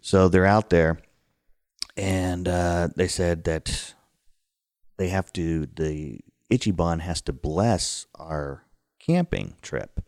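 Deep-voiced man telling a spooky tale. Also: takes it slowly, no room sound. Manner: animated, acts out the scares with sudden high outbursts. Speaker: guest telling a story. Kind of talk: casual storytelling. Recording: dry close sound.

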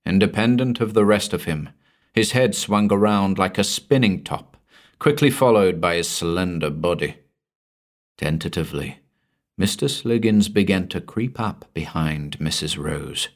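A low-voiced man narrates a scripted horror story, his delivery measured and dramatic, sinking to a hush as each phrase ends.

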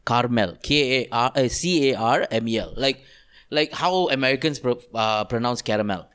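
A man's voice: medium pitch, normal speed, a bit bright, clear, resonant tone. A man with a Malaysian English accent, co-hosting a podcast and retelling a story in loose casual chat with local slang. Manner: loose, easily laughing, drops in local slang. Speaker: podcast co-host.

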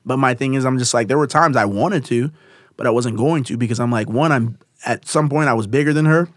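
A man's voice: mid-range voice, brisk, no room sound, studio quality. A man telling a personal story in casual conversation, rambling with many fillers and restarts.

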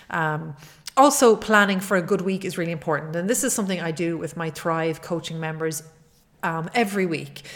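A woman's voice: lowish voice, a bit bright. A middle-aged woman hosting a solo podcast as a fitness coach, talking in an earnest, encouraging way and often repeating her key points.

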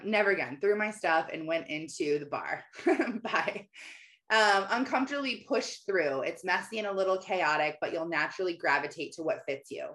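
A woman's voice: lowish voice, a bit bright. Woman in her thirties, chatty Christian coach, encouraging, laughs between thoughts. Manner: chatty, encouraging, answers viewers by name, laughs often. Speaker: Christian mentor hosting a live session. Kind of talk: casual faith-based coaching talk.

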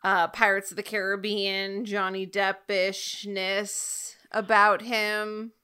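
Bright-voiced young woman analyzing an episode. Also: mid-range voice, little pitch movement, takes it slowly, clear, resonant tone. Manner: analytical, weighs characters thoughtfully. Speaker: podcast co-host. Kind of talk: casual chat recapping a TV episode.

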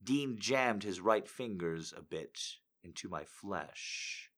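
A man reads romance excerpts aloud on a live show, his voice very deep and the pace unhurried. He lingers over the words with deliberate, sensual phrasing, now and then sinking into a near-whisper. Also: expressive, a bit bright. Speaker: host reading excerpts aloud. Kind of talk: dramatic reading on a live stream.

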